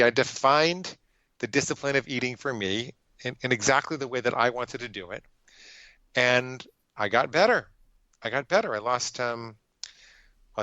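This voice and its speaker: A man's voice: medium pitch, sharp tone, no echo, lo-fi sound. A man, a psychologist guest on a podcast, telling his story in an earnest, emphatic way with frequent restarts. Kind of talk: conversational interview storytelling.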